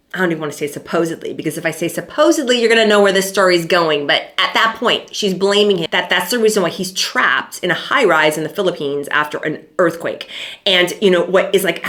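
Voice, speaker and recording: A woman's voice: low-pitched, fairly bright tone. A middle-aged woman hosting a casual commentary vlog, talking in a chatty way with dry, sarcastic asides and plenty of fillers.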